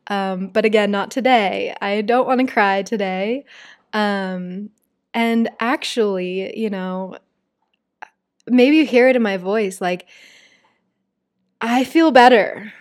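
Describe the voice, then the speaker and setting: A woman's voice: mid-range voice, fairly even intonation, slow. A woman hosts her own podcast alone. She talks in a loose, confiding way, full of fillers as she speaks straight to her listeners. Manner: chatty, confiding, many "like" and "you guys" fillers. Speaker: podcast host. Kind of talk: casual solo podcast chat.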